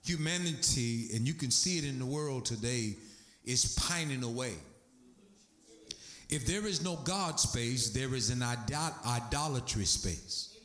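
A man's voice: mid-range voice, unhurried, a bit bright. A man preaching a sermon as pastor, emphatic, with sweeping swings in his delivery. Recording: echoey room.

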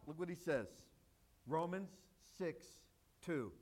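A man's voice: high-pitched, expressive, takes it slowly, a bit bright. A male pastor preaching a sermon, emphatic and joking with the congregation.

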